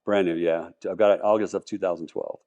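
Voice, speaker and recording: An enthusiastic man with a somewhat low voice, chatting as a podcast guest. He rambles, restarts his sentences and piles on details. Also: fairly even intonation, fairly quick, a little mellow. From Colorado, US. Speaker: podcast guest, car collector. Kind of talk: casual interview talk.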